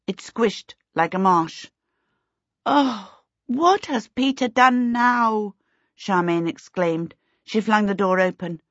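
A woman reading a children's storybook aloud in a measured, expressive way. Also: on the low side, no echo, highs cut off. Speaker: audiobook narrator. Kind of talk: scripted storybook narration.

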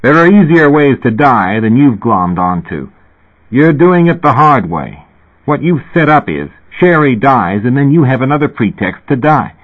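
A man voicing a loud, bullying male therapist who yells and hectors. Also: mid-range voice, sing-song, moderate pace, breathy edge, voice pushed up. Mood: hectoring. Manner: yelling, hectoring. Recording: tinny phone-like recording.

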